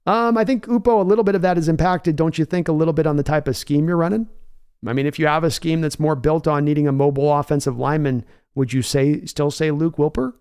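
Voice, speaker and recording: A man's voice: fairly high pitch, steady tone, fast talker, a little mellow, clear, resonant tone. A man hosting a casual live-stream sports show, reading viewer comments aloud and answering them in a conversational, folksy way. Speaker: podcast host reading chat.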